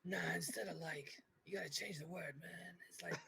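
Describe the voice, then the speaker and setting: A woman's voice: fairly low pitch, fairly even intonation, fairly quick, gravelly, pushed and bright. A woman playing a spaced-out, laid-back keytar player in improvised comedy role-play, drawling and half-whispering. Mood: mellow. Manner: drawling, says man and dude, half-whispered.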